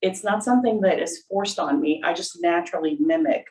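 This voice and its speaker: Low-voiced woman on a distant video call. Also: brisk, darkish tone. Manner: earnest, explanatory. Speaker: panelist. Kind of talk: webinar panel talk.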